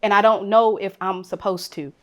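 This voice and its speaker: A woman speaking candidly and emotionally in a panel conversation, swinging from hushed to loud. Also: medium pitch, steady tone, moderate pace, highs cut off.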